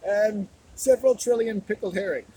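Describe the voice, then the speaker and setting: High-voiced man rambling outdoors. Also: normal speed, breathy edge, poor audio. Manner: absurd, dark deadpan joking. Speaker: vlogger. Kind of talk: rambling solo vlog. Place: outdoors in nature.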